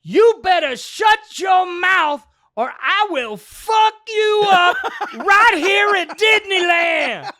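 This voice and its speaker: A male comedian acting out an enraged mother screaming threats at her toddler. The voice jumps high and loud into a harsh shout, hard-edged and raw. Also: animated, slow, no room sound, full character voice. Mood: furious. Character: furious screaming mother at theme park.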